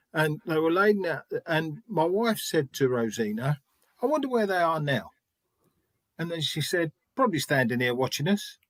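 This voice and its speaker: A man's voice: a little high, a bit bright, dry recording. A middle-aged man and spiritualist medium telling stories in an interview, chatty, restarting often and acting out quoted dialogue. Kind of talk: anecdotal interview storytelling.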